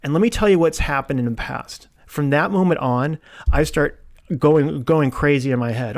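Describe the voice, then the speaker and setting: Gravelly man telling a personal story. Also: fairly high pitch, normal speed. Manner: rambling, with many restarts and quoted asides. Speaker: podcast host. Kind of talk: solo podcast storytelling.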